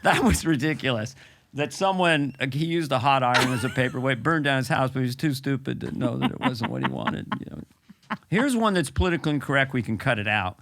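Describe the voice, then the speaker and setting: A male comedy host chats loosely and laughs at his own jokes. His pitch jumps all over the place as he riffs. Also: expressive, a little fast, a bit bright. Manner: giggly, self-deprecating riffing. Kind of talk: casual chat.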